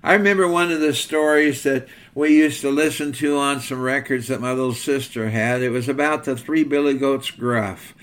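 A man's voice: medium pitch, steady tone, moderate pace, hardly any pauses, a bit bright. An older man preaching a sermon in a folksy, earnest storytelling manner.

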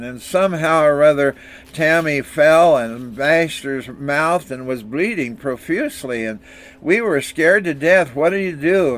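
A man's voice: on the high side, fairly bright tone. An older man preaching a sermon, reading scripture and telling anecdotes in an earnest, storytelling way. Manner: earnest, storytelling delivery with small restarts. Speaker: pastor.

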